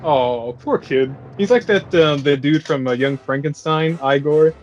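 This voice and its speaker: A man's voice: fairly high pitch, unhurried, lo-fi sound. A man co-hosting a casual movie review podcast, sarcastic and profane as he sums up the plot. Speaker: podcast co-host. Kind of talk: casual movie review banter over beers.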